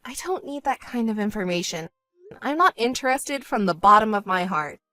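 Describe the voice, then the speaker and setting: A woman voicing a level-headed young woman who speaks in a cool, dry and curt way in an animated story. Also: medium pitch, moderate pace, faint music behind. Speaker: narrating protagonist.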